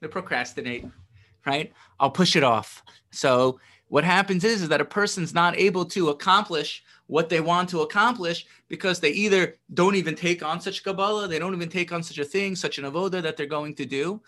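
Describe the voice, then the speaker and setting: A man's voice: fairly high pitch, fairly quick, bright, forceful tone. A man teaching a religious text lesson, reading passages and translating them, explaining with rhetorical questions and a frequent "right?".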